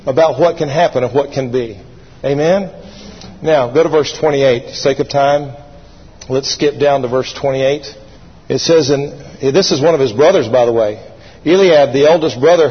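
A man's voice: on the high side, husky. A male pastor preaching a sermon, building to fervent calls for his congregation to repeat after him. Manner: preachy, rising to fervent calls and call-and-response. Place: church sanctuary. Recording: dull lo-fi sound in a long-reverb hall.

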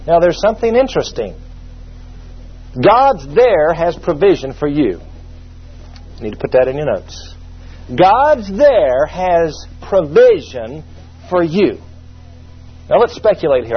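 Husky, high-voiced preacher. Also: male voice, very animated, measured pace. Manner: folksy, humorous Bible teaching with asides. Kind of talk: sermon. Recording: muffled lo-fi sermon recording.

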